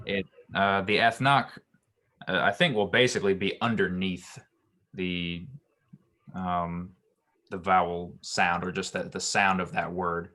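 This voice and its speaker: A man tutoring Hebrew grammar, explaining slowly with many ums and restarts. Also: deep voice, steady tone, sharp tone.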